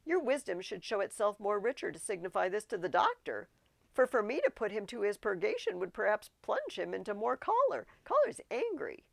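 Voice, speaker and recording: Woman reading as a giddy, bitter young prince; lively theatrical verse, slightly gravelly. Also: mid-range voice, fairly quick, no room sound, voice pushed up. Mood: manic.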